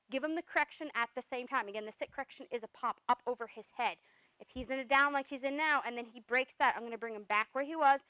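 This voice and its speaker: A woman dog trainer explaining commands step by step, breaking off to give sharp corrective noises and praise. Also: sits high, dry recording, rough recording. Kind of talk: instructional demonstration.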